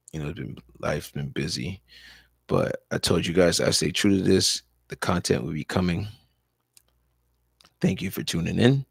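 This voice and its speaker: A tired man who hosts a sports talk livestream and coaches high school sports chats casually from home, with a dog audible in the background. He rambles loosely, leans on "you know," and repeats himself. His very low voice has a gravelly fry and a husky edge, and the recording is dry and close.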